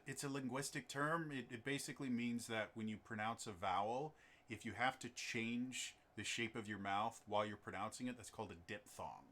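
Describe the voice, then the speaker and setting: Rambling man with a bright voice. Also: lowish voice. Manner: rambling, chatty, lots of ums and restarts. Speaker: game master and streamer. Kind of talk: casual chat on a stream.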